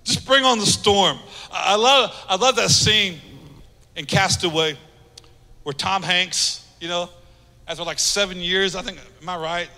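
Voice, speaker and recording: A man preaching a sermon with passion, building from quiet asides to shouted calls. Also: high-pitched, a little slow. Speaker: pastor. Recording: long hall reverb.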